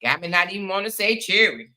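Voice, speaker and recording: Woman livestream host, bright voice, chatty and familiar, greets viewers by name. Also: medium pitch, expressive, fast. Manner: chatty, greets viewers by name, calls them y'all and honey. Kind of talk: casual live-stream chat with viewers.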